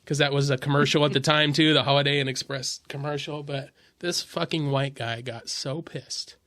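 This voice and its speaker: A man's voice: medium pitch, steady tone, normal speed, no echo. A man hosting a podcast, telling stand-up road stories in a casual, profane way and laughing as he goes. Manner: profane, laughing, loud when acting out others. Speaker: podcast host and stand-up comedian. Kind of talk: casual storytelling chat. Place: podcast studio.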